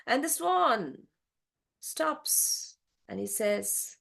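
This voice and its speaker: Expressive, high-voiced woman storyteller. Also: slow pace, gravelly. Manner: expressive, sing-song narration. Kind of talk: oral storytelling of a fable.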